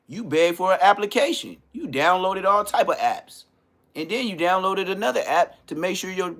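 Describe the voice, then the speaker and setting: A man from Southern California hosting a livestream, ranting in a casual, comedic way with stammered restarts and frequent throat clearing. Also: fairly high pitch, fairly bright tone. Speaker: livestream host.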